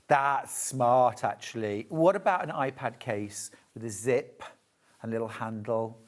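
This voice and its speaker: A woman's voice: very deep voice, animated, unhurried. A woman with a British accent presenting a live shopping show, chatting to viewers and gushing over fabrics. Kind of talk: live sales demonstration.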